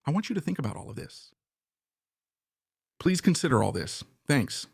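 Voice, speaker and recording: Gravelly man giving emphatic commentary. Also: medium pitch, sing-song, moderate pace, darkish tone, no echo, clean studio sound. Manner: emphatic, repeats points and fires rhetorical questions. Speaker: political commentator. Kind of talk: opinionated current-affairs commentary.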